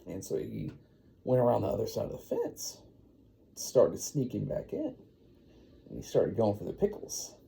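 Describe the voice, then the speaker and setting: A man's voice: on the low side, wildly swooping pitch, moderate pace, gravelly, long pauses, dark tone, a little hiss or hum. A man telling an improvised bedtime story at home while caring for a baby, rambling and laid-back. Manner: rambling, laid-back, full of "you know". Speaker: father.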